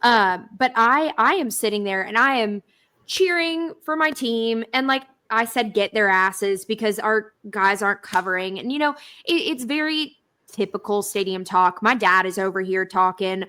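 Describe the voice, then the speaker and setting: A young woman, co-hosting a podcast and telling stories in a blunt, animated way. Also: mid-range voice, moderate pace, clear, resonant tone. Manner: animated storytelling, swearing, blunt. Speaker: podcast co-host. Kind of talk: casual chat.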